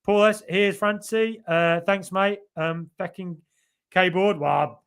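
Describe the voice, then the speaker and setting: A man's voice: fairly high pitch, flat delivery, measured pace, a bit bright, clean tone. Chatty man hosting a live stream. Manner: rambling and chatty, with many fillers and restarts. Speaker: football podcast host. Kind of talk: casual live-stream chat reading out comments.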